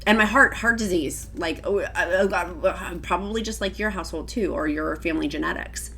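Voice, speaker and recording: A woman's voice: fairly low pitch, moderate pace, fairly bright tone, slight background noise. Emotional, gushing woman vlogger. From Virginia, United States. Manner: emotional and gushing, often near tears. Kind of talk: casual talk to camera.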